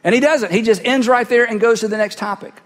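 A pastor delivering a sermon through a cheek-worn headset mic, swinging from loud bursts to hushed asides as he acts out voices. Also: extremely high pitch, fast, long reverb tail. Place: large church hall.

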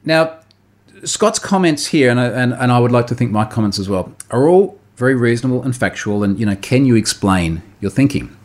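A man's voice: medium pitch, lively intonation, a little fast. A man, a podcast host animatedly recounting a story in casual chat, often repeating words and laughing.

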